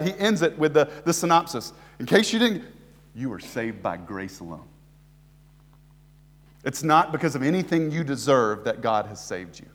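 A man's voice: medium pitch, expressive. American man preaching in a reverberant hall. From United States. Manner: swings between hushed, slow emphasis and loud, rising exhortation. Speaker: guest preacher. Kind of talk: sermon. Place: church sanctuary.

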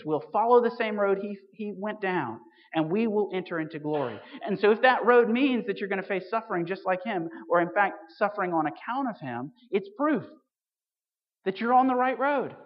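A preacher giving a conversational sermon to a congregation, asking rhetorical questions and adding wry asides. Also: medium pitch. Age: 30s or older. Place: church hall. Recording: dull recording with long hall reverb.

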